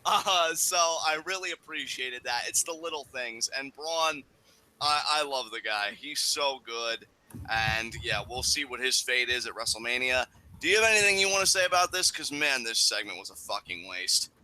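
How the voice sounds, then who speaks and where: Young male co-host, bright cutting tone, casual and emphatic, swears a lot. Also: mid-range voice, moderate pace, rough recording. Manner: emphatic, swears freely, animated outbursts. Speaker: podcast co-host. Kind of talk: casual wrestling review chat.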